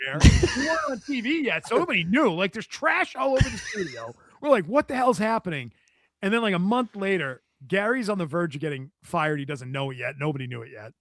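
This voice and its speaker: High-voiced man telling a lively story. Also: fast, few pauses, dry recording, clean studio sound. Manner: animated storyteller, laughs often, acts out quotes. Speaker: podcast guest. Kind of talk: casual storytelling chat.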